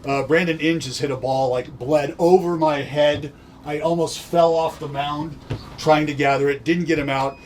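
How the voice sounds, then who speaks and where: Dude telling a baseball-ish story laid back, kinda far from the mic, bit of hiss. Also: male voice, fairly high pitch, fairly even intonation, moderate pace. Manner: laid-back, swears freely, laughs through stories. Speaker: podcast host, former pitcher. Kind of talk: casual storytelling chat. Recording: far from mic with faint noise.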